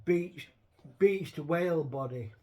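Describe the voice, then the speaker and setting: Male host, high voice, blunt and sweary, casual rambling rant. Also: slow, a little mellow. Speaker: show host. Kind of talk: casual chat.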